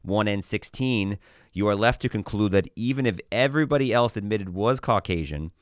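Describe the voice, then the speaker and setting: A man co-hosts a political podcast in a low, smooth, resonant voice. He explains things wryly and chuckles at his own quips. The recording is dry and close to the mic. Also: moderate pace, no echo. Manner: wry, explanatory, laughs at his own jokes. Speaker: podcast co-host.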